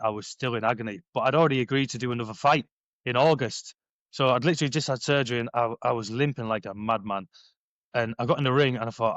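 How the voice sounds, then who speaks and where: A man in his thirties tells his story as a podcast guest at a brisk clip, lively and full of quoted dialogue. The sound is dry and a little dull, with no room around it. He swears and laughs easily as he tells it. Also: medium pitch, no echo. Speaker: podcast guest, former paratrooper and bare knuckle fighter. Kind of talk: casual storytelling interview. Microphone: headphones on, sitting at a podcast mic.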